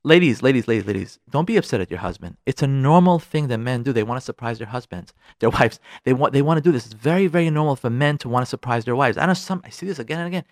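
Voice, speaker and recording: Animated man giving marriage advice. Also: medium pitch, fast talker, few pauses, no echo, clean studio sound. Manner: animated, preachy, acts out scenes. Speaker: radio advice host. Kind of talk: relationship advice talk.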